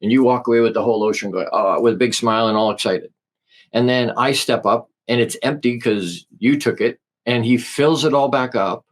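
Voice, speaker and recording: A man talking earnestly as a podcast guest, halting and restarting as he tells spiritual stories. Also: mid-range voice. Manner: halting, with many restarts and fillers. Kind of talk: casual conversation.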